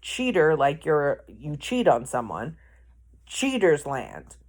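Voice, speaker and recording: A woman's voice: sits low, wildly swooping pitch, slow pace, darkish tone, slightly rough. A woman telling a rambling personal anecdote in a casual vlog, correcting herself as she goes. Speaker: vlogger. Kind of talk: casual storytelling.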